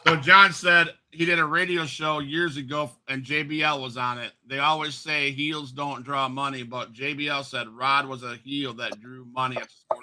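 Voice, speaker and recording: Upbeat male host, bright voice. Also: medium pitch, fairly even intonation, normal speed, hardly any pauses. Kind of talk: podcast hosting.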